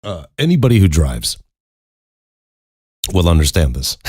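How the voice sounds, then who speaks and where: A man's voice: sits low, very animated, unhurried, a little mellow, breathy edge, dry recording, studio quality. An American man hosting a podcast, telling stories in a rambling, profane way and laughing often. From United States. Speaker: podcast host. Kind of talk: casual storytelling monologue.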